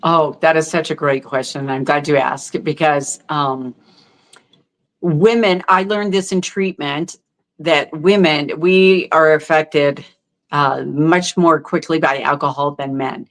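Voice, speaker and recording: A middle-aged woman speaking as a guest in a candid podcast interview. Her voice sits a little low, and she talks in a heartfelt, halting way, full of fillers and restarts. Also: fairly even intonation.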